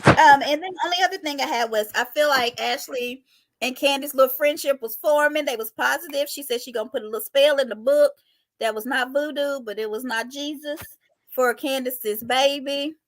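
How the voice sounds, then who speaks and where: Woman, recap show host, high voice, casual chat, dry sound. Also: moderate pace, no echo. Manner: chatty, laughs often, jumps between topics.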